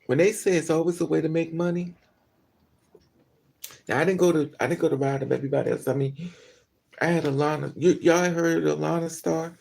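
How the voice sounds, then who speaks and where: A woman's voice: low-pitched, fairly even intonation, normal speed, gravelly, long pauses, mellow. A woman vlogger telling stories in a casual, profane, gossipy monologue and often laughing between remarks.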